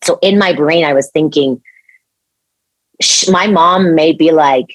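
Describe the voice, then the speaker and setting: A young adult woman from Mexico, a podcast guest telling a personal story in an earnest, animated way, with many restarts. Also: sits low, unhurried, no room sound.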